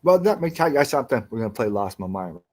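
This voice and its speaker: A man's voice: medium pitch, very animated, quick pace. A man co-hosting a podcast in casual chat, talking in a laid-back, slangy way. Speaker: podcast co-host.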